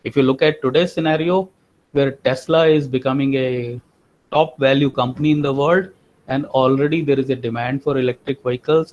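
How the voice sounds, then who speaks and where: A man's voice: mid-range voice, darkish tone, a little hiss or hum. A man giving a finance lecture, explaining step by step, repeating key terms with frequent fillers. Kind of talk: recorded lecture. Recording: muffled lo-fi recording.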